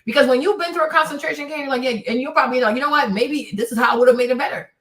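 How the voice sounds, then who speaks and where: A woman's voice: high-pitched, very fast, fairly bright tone, echoey room, recorded from a distance. A woman hosting a livestream, talking in an impassioned, rambling and profane way. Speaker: host. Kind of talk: livestream commentary.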